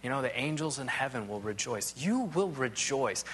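Slightly rough in texture, this man's medium-pitched, fairly bright voice is expressive and moves at normal speed. He teaches a Bible lesson conversationally, rambling with "you know" asides and frequently trailing off to restart his sentences.

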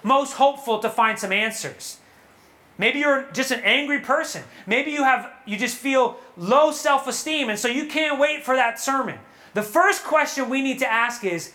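A woman giving a sermon to young adults at a retreat, animated and asking the audience questions. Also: high-pitched, normal speed. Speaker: retreat speaker. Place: retreat hall.

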